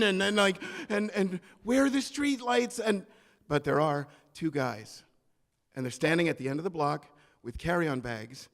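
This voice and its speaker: A man telling a story on stage at a live event, animated and comic, acting out the people in it. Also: fairly high pitch, long reverb tail. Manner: animated, comic, acts out quoted voices.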